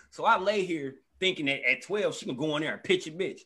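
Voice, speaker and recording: A man hosting a live comedy show, telling profane, animated stories about his kids and wife and acting them out. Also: on the high side, a little fast, breathy edge. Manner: profane, animated storytelling that acts out family members. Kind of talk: stand-up storytelling. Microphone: live stream.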